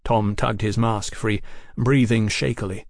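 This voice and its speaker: A man narrating an audiobook in an expressive storytelling manner. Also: fairly low pitch, a little slow, creaky, dry recording, studio quality. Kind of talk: scripted narration.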